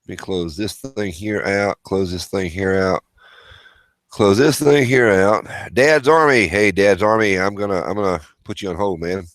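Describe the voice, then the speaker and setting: A man's voice: low-pitched, normal speed, dry recording. A man hosting a casual livestream, rambling as he reads viewer chat and calls out names. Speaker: livestream host.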